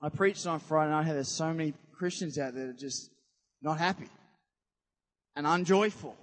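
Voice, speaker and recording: A man preaches in a lively, chatty way, throwing questions out to the congregation. His voice sits high for a man. It rings with a long reverb from the church hall he speaks in. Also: normal speed. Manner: animated, conversational, quizzes the congregation. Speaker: pastor. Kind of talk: sermon.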